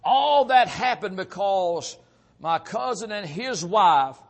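A middle-aged man preaching, telling his own testimony earnestly and often dropping to a hushed voice. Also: high voice, animated, slow pace. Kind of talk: sermon testimony.

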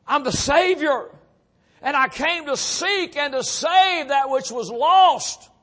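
A man voicing God as a gentle, solemn male voice that speaks slowly and loudly. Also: extremely high pitch, pitched above the performer's own voice, full character voice.

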